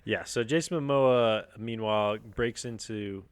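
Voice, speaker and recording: A man's voice: fairly low pitch, unhurried, smooth, no echo. A man co-hosting a podcast, recapping a film plot casually with lots of filler words. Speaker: podcast co-host.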